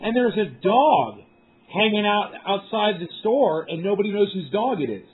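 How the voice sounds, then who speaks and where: A man's voice: sits high, animated, normal speed, slightly rough. A man chatting casually on a live stream from up on a mountain, rambling, swearing freely and talking to his viewers. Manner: rambling, profane, talks to chat viewers. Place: outdoors up on a mountain. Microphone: cell phone. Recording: tinny phone-quality stream audio.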